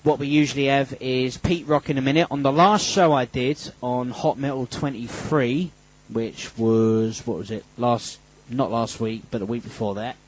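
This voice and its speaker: A man's voice: medium pitch, steady tone, normal speed, hardly any pauses, poor audio. A man hosting a casual radio show, rambling with many fillers and restarts and joking about himself into a studio microphone. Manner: joking, self-mocking. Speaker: radio host.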